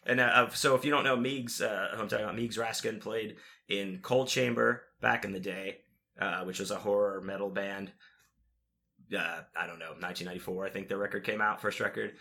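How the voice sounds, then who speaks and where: A man's voice: fairly low pitch, steady tone, fairly quick, vocal fry, bright, forceful tone. A man telling stories in casual chat, rambling and profane, with lots of fillers and restarts.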